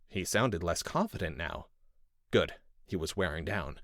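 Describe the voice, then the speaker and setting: A man reads a first-person thriller in a low voice whose pitch moves a lot. His delivery is measured and intense, and the recording is dry and close with no room sound. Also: expressive, a bit bright, dry recording. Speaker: audiobook narrator. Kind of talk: first-person scripted narration.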